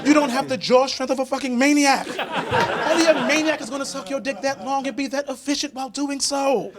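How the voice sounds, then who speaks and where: A young man doing stand-up, telling brash, profane stories and shouting his punchlines, then talking calmly in an interview. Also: very high-pitched, fairly quick, a loud crowd. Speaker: stand-up comedian. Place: comedy stage before a live audience.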